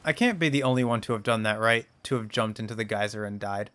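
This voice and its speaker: A man's voice: fairly low pitch, fast talker, fairly bright tone. A man giving casual gameplay commentary as a let's play host, chatty and wondering aloud.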